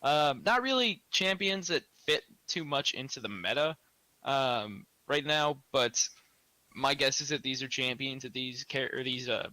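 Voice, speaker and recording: A man casting a live esports match, chatty and opinionated and quick to laugh. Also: medium pitch, animated, pushed and bright, dry recording. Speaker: esports caster.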